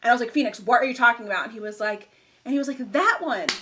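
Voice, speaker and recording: Young woman podcast co-host, slightly high voice, animated storyteller. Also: rapid-fire. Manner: animated storytelling, acts out quotes. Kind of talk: casual chat.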